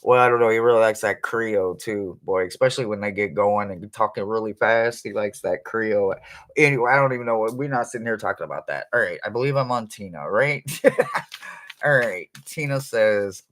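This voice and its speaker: A psychic reader with a medium-pitched, slightly bright voice gives a live reading for viewers. She's chatty, quick to laugh, and rambling, using casual slang.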